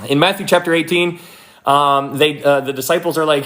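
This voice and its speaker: Young male livestream Bible teacher, slightly high voice, casual and animated, lots of fillers. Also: a little fast. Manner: chatty, animated, acts out quoted people in a higher excited voice; frequent fillers and restarts, thanks viewers by name.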